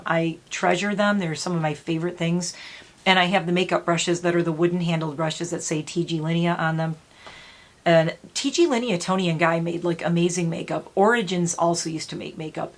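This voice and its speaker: A woman in her fifties talking to camera in a casual, rambling way, blunt and sweary with quick self-mocking asides, her throat dry enough that she clears it now and then. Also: lowish voice, fairly bright tone. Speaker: beauty YouTuber.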